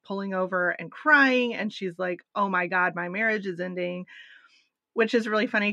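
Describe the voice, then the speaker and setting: A woman co-hosting a podcast, recapping a documentary in casual chat with animated asides. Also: medium pitch, dry recording. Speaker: podcast co-host.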